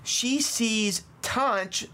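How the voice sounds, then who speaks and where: A man's voice: extremely high pitch, drawn-out words, bright, forceful tone. A man hosting a casual podcast, retelling a true crime story with lots of fillers and laughs. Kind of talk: casual chat.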